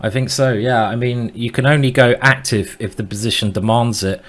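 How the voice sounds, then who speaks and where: A man hosting live chess commentary in a casual, excitable way, urging the players on. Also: medium pitch, brisk.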